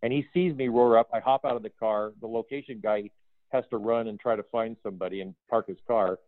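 A man's voice: on the low side, a little fast, no room sound. Man telling film-set stories over a tinny line. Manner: animated anecdotes with quoted dialogue, laughs often. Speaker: film art director, guest. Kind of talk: casual storytelling interview. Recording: phone-like dry audio.

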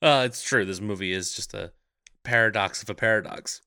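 A man's voice: on the low side, fairly quick, pushed and bright, clean tone, dry recording, studio quality. A man co-hosting a movie podcast in casual chat, wry and laughing often. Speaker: podcast co-host.

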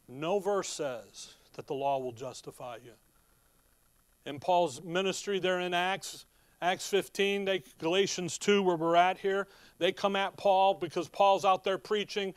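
A man's voice: sits high, normal speed, dry recording. A man preaching a sermon in a folksy, emphatic way, reading scripture and asking his congregation rhetorical questions. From Midwestern United States. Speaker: pastor.

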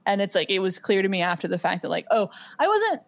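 A woman's voice: mid-range voice, very animated, fast talker. A woman who is a parent and a podcast guest, talking reflectively in casual conversation, with lots of "um" and "like" and frequent restarts. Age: adult with children.

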